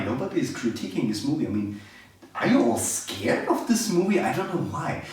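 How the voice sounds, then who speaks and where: A man's voice: on the high side, slight background noise. A man reviewing a film in a casual, sarcastic, exasperated rant. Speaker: movie reviewer. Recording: very echoey room, distant mic.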